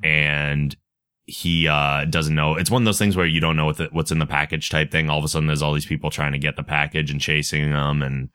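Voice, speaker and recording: A man hosting a podcast in casual chat, talking in a relaxed, chatty way and reading out plugs and contact details. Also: a bass voice, a little fast, smooth. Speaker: podcast host.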